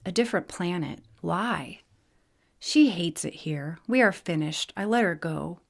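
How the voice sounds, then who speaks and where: A gruff, ailing male hybrid ruler grumbles bluntly through this audiobook scene, as a woman narrator reads him. His speech is short and cranky, pitched fairly low. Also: animated, measured pace, exaggerated voice.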